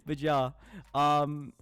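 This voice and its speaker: A man streaming live, chatting casually with his viewers, laughing often and breaking into loud outbursts. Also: a little high, wildly swooping pitch, very slow, dry recording. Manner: addresses chat as y'all, slangy.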